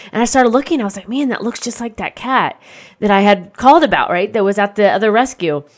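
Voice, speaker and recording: A woman hosting her own podcast, telling a story in a chatty, candid way and swearing freely when she recalls being annoyed. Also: medium pitch. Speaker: podcast host. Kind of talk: casual solo podcast storytelling. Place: lives in Nashville.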